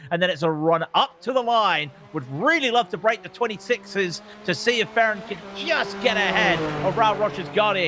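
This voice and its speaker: Over a noisy background, a high-voiced man serves as lead commentator for a sim racing broadcast. He energetically calls laps and reads out the starting grid.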